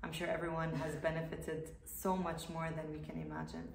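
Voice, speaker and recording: A woman's voice: low-pitched, flat delivery, a little fast, vocal fry, distant mic. Host woman in an echoey room. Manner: warm, effusive thanks and recaps. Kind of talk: casual interview. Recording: echoey room, mic from afar, faint noise.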